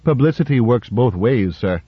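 A man reading aloud and voicing a smooth, self-assured male lawyer-politician with a wry, gently teasing manner. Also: mid-range voice, animated, normal speed, no room sound. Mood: confident. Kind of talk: radio story reading. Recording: dull, dry radio recording.

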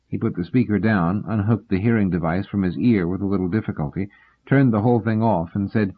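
Husky male narrator, fairly low pitch, steady audiobook reading, tinny phone-like sound. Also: brisk.

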